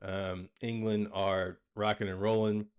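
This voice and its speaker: A man with a fairly low voice hosts a live football watch-along. He calls the action play by play, with excitable bursts when an attack builds. Between plays he chats loosely to his viewers and reads out the match stats. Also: a little slow, clear, resonant tone.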